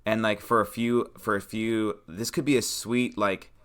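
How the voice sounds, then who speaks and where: A man co-hosting a casual chat about tabletop game prep, excitable and brainstorming. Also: lowish voice, a little slow. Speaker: podcast co-host.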